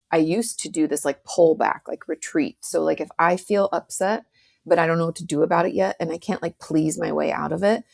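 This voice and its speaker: Woman, 30s to 40s, podcast guest, low gravelly voice, chatty, acts out quotes. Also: a little mellow. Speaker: guest, author. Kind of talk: casual podcast conversation.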